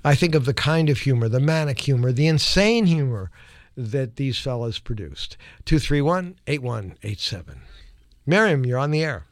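A man hosting a call-in radio show, wry and measured, speaking from a studio microphone. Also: medium pitch, lively intonation, dry recording.

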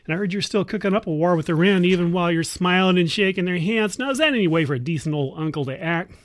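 A woman's voice: lowish voice, lively intonation, fast, lightly acted. A woman playing a nagging, sarcastic niece. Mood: scolding. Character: exasperated woman scolding her warmongering uncle. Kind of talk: satirical radio monologue.

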